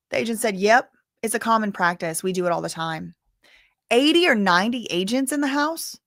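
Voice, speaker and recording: A chatty woman streams live commentary, reading news updates aloud and tossing in her own asides. She sounds tired and a bit worn down, and her voice sits at a middling pitch in a dry, close-mic sound with no room echo. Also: animated, normal speed. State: tired, yawning.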